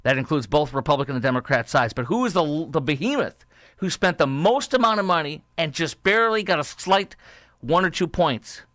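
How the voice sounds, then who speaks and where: A man's voice: on the high side, animated, a little fast, fairly bright tone, dry recording, clean studio sound. A man hosting a political talk show, combative and sarcastic, reading quotes aloud and rebutting them. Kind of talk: political commentary monologue.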